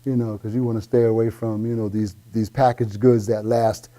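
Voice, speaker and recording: Mellow-voiced man talking about his shop. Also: on the low side, flat delivery, moderate pace. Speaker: guest, vegan chef. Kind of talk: casual interview talk.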